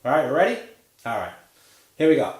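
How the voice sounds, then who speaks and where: A man teaching a pronunciation lesson, drilling vowel sounds slowly and cheering the learners on to repeat after him. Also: medium pitch, big pitch swings, echoey room. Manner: slow, drawn-out drilling of vowel sounds with encouraging prompts.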